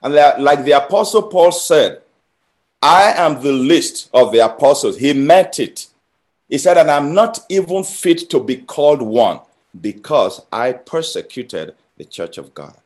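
A man preaching a sermon, emphatic, building phrases through repetition and swinging between loud and quiet. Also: a little high, animated, unhurried. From Nigeria. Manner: emphatic, with rising and falling intensity and repeated phrases.

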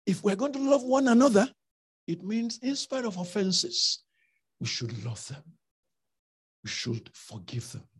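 A man preaching a sermon with emphatic rhetorical questions, swinging between loud and soft delivery. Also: sits high, slightly rough.

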